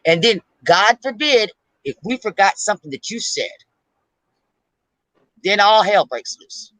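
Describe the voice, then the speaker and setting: Blunt high-voiced middle-aged man. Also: expressive, unhurried, pushed and bright, no echo, low-quality recording. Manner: blunt, plain-spoken, repeats himself. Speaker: panelist. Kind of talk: casual panel talk.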